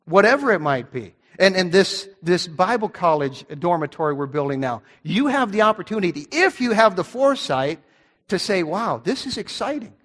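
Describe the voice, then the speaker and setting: A man's voice: high voice, very animated, moderate pace, a bit bright. A middle-aged male pastor preaching a sermon earnestly, often restarting his words. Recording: long hall reverb.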